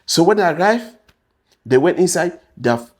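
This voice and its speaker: Cameroonian man telling a lively story. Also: on the high side, normal speed. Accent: Cameroonian English. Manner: acts out the people he quotes, shifting voice up and down. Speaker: interview guest. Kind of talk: animated storytelling.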